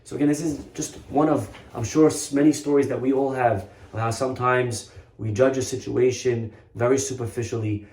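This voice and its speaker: A man's voice: medium pitch, steady tone, brisk, a little mellow. A man, a rabbi, giving a storytelling sermon in an earnest way, stressing points by repeating himself. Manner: earnest storytelling with emphatic repetition. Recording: roomy echo.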